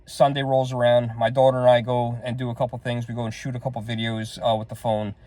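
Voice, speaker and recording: A man's voice: mid-range voice, little pitch movement, quick pace, dark tone, no echo. A middle-aged man casually retelling a frustrating shopping trip, rambling and exasperated, quoting what everyone said. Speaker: vlogger. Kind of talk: casual storytelling to camera.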